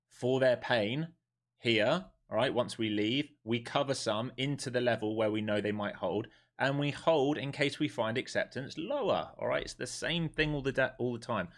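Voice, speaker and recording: A man's voice: medium pitch, measured pace. A man live-streaming his day trading who talks bluntly, swears freely and fires questions at his viewers before answering them himself. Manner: wound up and emphatic.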